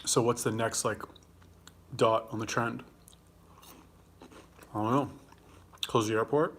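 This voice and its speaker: A man's voice: medium pitch, steady tone, takes it slowly, a bit bright, a little hiss or hum. A young man with a Los Angeles accent hosting a casual livestream, rambling and swearing as he answers viewer comments while eating. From California. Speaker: livestream host.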